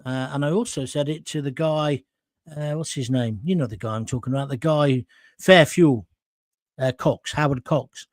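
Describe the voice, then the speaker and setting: This man hosts a live current-affairs stream, reading out viewers' comments and firing back blunt, emphatic opinions with some mild swearing. He sounds hot and sweaty, his mid-range voice moving at a moderate pace in studio-quality audio without room sound.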